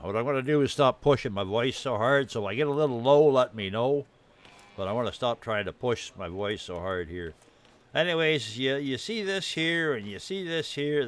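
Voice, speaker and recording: With a mid-range, fairly bright voice and a dry, irritated throat, this man livestreams a game. He chats and rambles casually about his farm build, saying hello to viewers while showing it.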